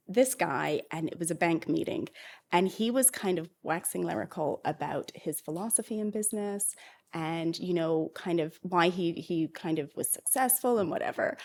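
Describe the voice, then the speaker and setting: A woman's voice: on the low side, darkish tone. A woman with a Canadian accent, an author chatting as a podcast guest, telling stories and laughing often. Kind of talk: podcast interview.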